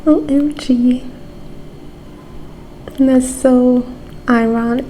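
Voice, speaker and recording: A woman's voice: high voice, steady tone, extremely slow, mellow, a little hiss or hum, poor audio. A young woman chatting casually on camera in a reading vlog, gushing and exclaiming, humming along often. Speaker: book vlogger. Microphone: camera mic.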